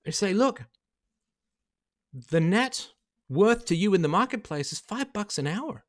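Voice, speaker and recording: A man's voice: high-pitched, sing-song, a little slow. A man hosting a livestream monologue, emphatic and lecturing, walking through numbers step by step. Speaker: livestream host.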